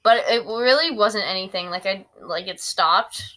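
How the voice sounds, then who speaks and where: A woman's voice: medium pitch, normal speed, sharp tone. A teenage girl hosting a podcast, rambling and giggly with lots of fillers. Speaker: podcast host. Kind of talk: casual chat.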